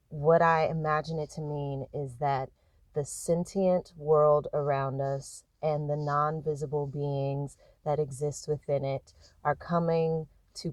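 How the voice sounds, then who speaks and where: A woman speaking in a reflective personal monologue, thoughtful and unhurried, pausing often to find her words. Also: sits low, a little mellow, no echo. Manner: thoughtful, unhurried, with frequent hesitations.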